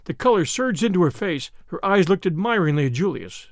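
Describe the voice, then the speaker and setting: A man narrating a novel in an expressive, animated reading. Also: high voice, brisk, no echo, studio quality. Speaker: audiobook narrator. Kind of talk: scripted narration.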